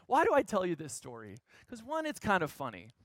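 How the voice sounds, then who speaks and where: A man in his thirties giving a storytelling sermon as a guest speaker, animated, swinging from shouts to hushed lines. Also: high-pitched, fairly quick, no room sound.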